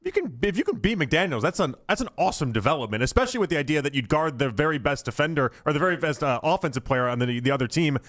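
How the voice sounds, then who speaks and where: A man co-hosting sports talk radio, stumbling over his first words before settling into steady analysis. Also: on the high side, quick pace, hardly any pauses. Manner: stammering starts, then steady analysis. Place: radio studio.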